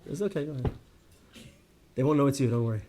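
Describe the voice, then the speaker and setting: A man teaching a casual Torah class to a small group. He tells stories with lively ups and downs, restarts often and keeps asking "right?". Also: medium pitch, fast talker, slight background noise. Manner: lively storyteller, many restarts and "right?" tags.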